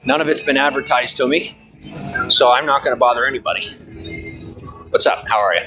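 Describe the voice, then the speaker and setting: A man's voice: medium pitch, a little fast, bright, forceful tone, soft background music, rough recording. A man chatting casually and bluntly while walking down a city street filming a vlog, swearing freely. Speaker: vlogger.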